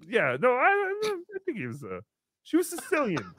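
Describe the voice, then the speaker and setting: High, animated comedy podcast host. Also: male voice, fairly quick, husky, dry recording, studio quality. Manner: goofy, rambling, animated.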